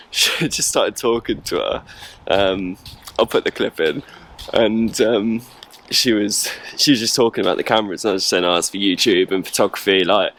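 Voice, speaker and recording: A man's voice: lowish voice, fairly bright tone, slight background noise. A man from England, chatting rambly on a travel vlog while walking outdoors in the cold with a handheld camera. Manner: rambling, chatty, lots of fillers. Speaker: travel vlogger. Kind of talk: casual vlog chat. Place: outdoors in a cold old town.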